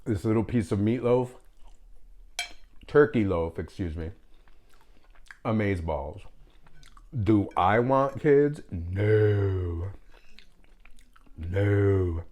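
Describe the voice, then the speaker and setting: Man with a fairly low voice, host of a home food vlog, candid and jokey with his viewers, slips Spanish phrases into his talk. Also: lively intonation, slow, pauses often, a little mellow. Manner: candid, joking, chatty with viewers. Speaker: food vlogger. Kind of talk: casual mukbang vlog to camera.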